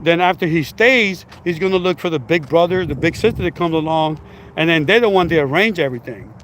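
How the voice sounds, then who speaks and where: Guy vlogging outside, kinda high voice, blunt and rambly, swears a lot, faint street noise. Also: animated, fairly quick, a bit bright. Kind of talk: casual commentary.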